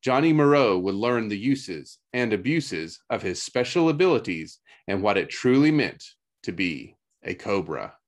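Low-voiced male promo announcer. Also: sing-song, a little slow, hardly any pauses. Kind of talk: scripted narration.

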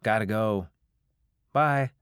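A man voicing a cagey middle-aged family man who speaks briskly and evasively. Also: lowish voice, fairly bright tone, smooth, no echo, studio quality, pitched above the performer's own voice.

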